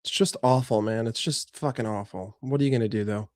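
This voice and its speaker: A man's voice: fairly low pitch, a little fast, darkish tone, no room sound, studio quality. A young man streaming live, frustrated and swearing as he rants and answers chat about his football team. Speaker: fan channel streamer.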